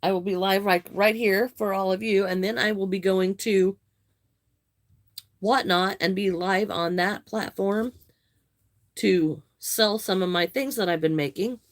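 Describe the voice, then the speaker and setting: A woman hosts a live crochet stream and chats easily with her viewers, greeting and thanking them one by one. She stops and restarts her sentences now and then. Her voice sits at a middle pitch and is recorded close up with a dry sound. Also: fairly even intonation, measured pace, dry recording. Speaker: livestream host.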